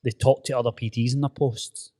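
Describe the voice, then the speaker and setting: A man's voice: mid-range voice, steady tone, brisk, warm tone. A Scottish man hosting a casual podcast chat, blunt and sweary, who says "mate" and "aye" a lot. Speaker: podcast host and personal trainer. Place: gym.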